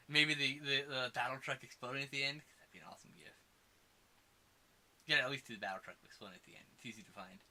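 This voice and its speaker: A man co-hosting a podcast, chatting casually about a movie, excitable and quick to swear and laugh. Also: medium pitch. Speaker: podcast co-host. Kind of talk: casual movie review chat.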